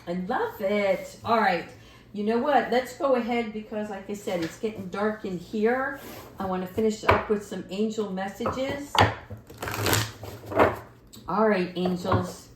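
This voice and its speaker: A middle-aged woman gives a spiritual tarot reading at an unhurried, deliberate pace, gentle and affirming. Her voice carries a noticeable echo from the room around her. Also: medium pitch, very noisy. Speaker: tarot card reader. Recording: echoey room.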